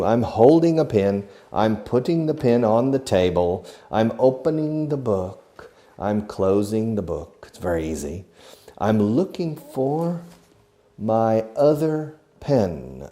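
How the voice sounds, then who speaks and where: A man who speaks English natively, teaching a beginner English lesson, acting out each verb as he names it and adding quick translations. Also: fairly low pitch, mellow. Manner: acts out each verb while naming it, slipping in quick translations.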